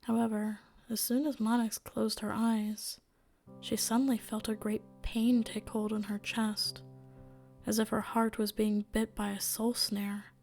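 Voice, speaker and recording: Slow, level-toned woman narrator. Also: fairly high pitch, level tone, a little mellow. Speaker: storyteller. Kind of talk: scripted story narration. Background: faint music.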